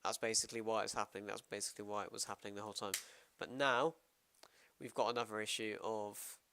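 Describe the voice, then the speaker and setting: British male streamer, bright crisp voice, casual coding talk, thinks aloud. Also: on the low side, flat delivery, fast. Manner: rambling, self-interrupting, thinking aloud. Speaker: programmer streamer.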